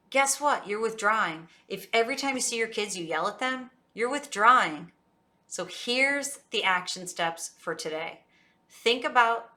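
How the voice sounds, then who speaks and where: Bright, energetic woman coach. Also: mid-range voice. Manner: energetic, emphatic, acts out quotes. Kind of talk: motivational talk to camera.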